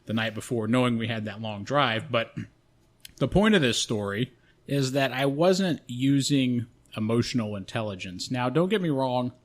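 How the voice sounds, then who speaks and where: A man co-hosting a podcast, telling a story in a casual, profane and animated way. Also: mid-range voice, normal speed. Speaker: podcast co-host.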